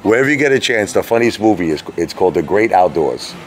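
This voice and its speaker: A man's voice: low-pitched, big pitch swings, fast. A man chatting casually to camera while ordering food at a restaurant table, rambling and restarting his sentences.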